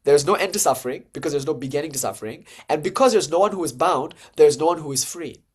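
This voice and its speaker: A man's voice: on the high side, fast talker, slightly rough. A man giving an informal lecture on Hindu philosophy. He talks in a conversational way, full of "like" and "you know" fillers. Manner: animated, jumps to lively acted-out dialogue.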